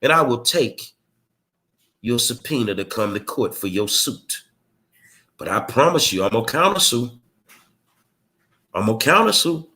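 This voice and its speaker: A man's voice: mid-range voice, expressive, a little slow, long pauses, bright, forceful tone. A man delivering a blunt, combative monologue full of rhetorical questions, in a streetwise manner. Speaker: political commentary host. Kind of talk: confrontational monologue.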